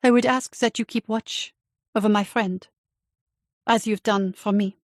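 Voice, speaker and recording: A woman's voice: medium pitch, fairly even intonation, unhurried, dry recording, studio quality, natural voice. A woman reading the part of a young housekeeper who speaks carefully and earnestly. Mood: pleading. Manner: careful, pleading.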